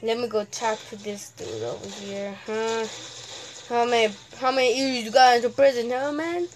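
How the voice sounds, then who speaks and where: A woman giving casual gameplay commentary, excitable, humming suspense sounds and talking to the characters on screen. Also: fairly high pitch, normal speed, noisy background. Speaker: gamer host.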